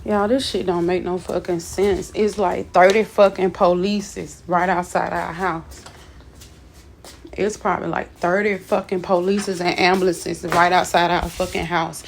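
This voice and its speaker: A woman's voice: lowish voice, flat delivery, unhurried, vocal fry, a little hiss or hum. A shaken woman, just woken from sleep, venting angrily to her viewers with heavy swearing and repetition. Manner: profane, repetitive, agitated. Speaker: vlogger. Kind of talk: angry venting to camera.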